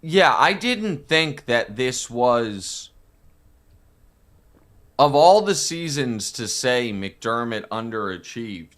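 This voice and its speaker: A male sports commentator who speaks very slowly with a bright, crisp tone. He lays out his argument in a measured way during a sports debate. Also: medium pitch, lively intonation.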